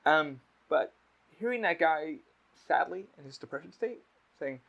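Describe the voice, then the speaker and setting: A man hosting a casual podcast, telling stories in a blunt, animated way with a lot of swearing. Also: fairly high pitch, a little slow, gravelly. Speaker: podcast host. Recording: slightly dull lo-fi audio.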